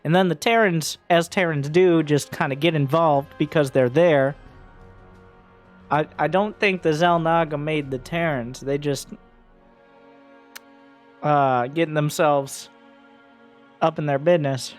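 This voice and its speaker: High-voiced excitable male game caster. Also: unhurried, pauses often, soft background music. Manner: jokey, gets loud and excited at big plays. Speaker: esports caster. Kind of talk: game commentary.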